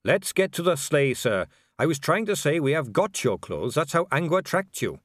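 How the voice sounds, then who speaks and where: A man's voice: fairly high pitch, very animated, normal speed, fairly bright tone, dry recording, studio quality. A man voicing a cheerful, earnest young male watch captain who is polite and keeps saying sir.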